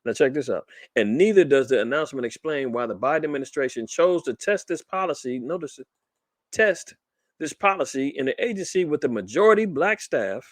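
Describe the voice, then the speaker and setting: A man speaks fast with few pauses in a mid-range voice, recorded with no room sound. As a podcast host of a news commentary show, he reads articles aloud and then riffs on them animatedly, throwing in rhetorical questions.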